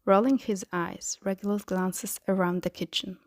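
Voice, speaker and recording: A woman narrating a fan-fiction audiobook in a soft voice that often slips into a whisper. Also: mid-range voice, steady tone, moderate pace, dry recording, clean studio sound. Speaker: podfic reader.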